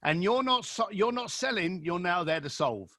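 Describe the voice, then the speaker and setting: A man's voice: sits high, lively intonation, moderate pace, bright, forceful tone. A man, a guest on a podcast, telling anecdotes in a wry, casual way. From Britain. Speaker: guest, concierge. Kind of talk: casual interview storytelling.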